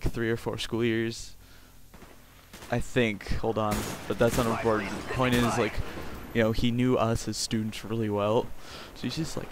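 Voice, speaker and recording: A sixteen-year-old boy from Canada, rambling crudely and jokingly through casual gameplay commentary. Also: on the low side. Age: teens. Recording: game gunfire noise behind voice.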